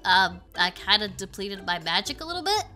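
A woman's voice: medium pitch, sing-song, fairly quick, sharp tone, soft background music. A woman voicing a mischievous female animatronic who has turned into a cat, giggly and teasing, meowing often, in a fan game role-play. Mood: sheepish. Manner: giggly, teasing, meows a lot.

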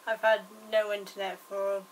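A woman's voice: mid-range voice, little pitch movement, moderate pace. A young British woman with a British accent, chatting casually to camera at home, rambling and swearing freely. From Britain. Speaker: vlogger. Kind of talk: casual vlog chat. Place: home indoors. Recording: recorded from a distance, faint background noise. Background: dogs outside.

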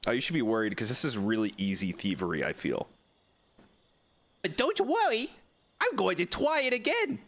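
Lively joking male game streamer. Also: mid-range voice, moderate pace, pauses often. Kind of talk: casual game commentary.

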